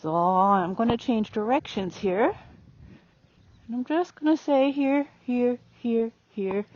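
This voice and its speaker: A woman riding a horse and calmly explaining her training as she goes, pausing to speak softly to the horse. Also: on the high side. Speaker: riding instructor. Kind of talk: narrating while riding. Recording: dry, dull lo-fi sound.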